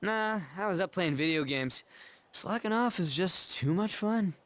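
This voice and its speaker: Brash teen boy from a game, careless street talk, lively pitch; a woman reads him. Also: a little slow, dry recording. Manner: loud, careless street slang. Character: brash slangy teenage boy delinquent.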